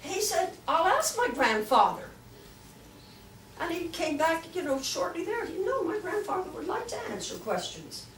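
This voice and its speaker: An older woman giving a lively storytelling talk to a club, acting out the voices she quotes. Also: extremely high pitch, normal speed, a little hiss or hum. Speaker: guest speaker. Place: club meeting room. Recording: echoey room, mic from far off.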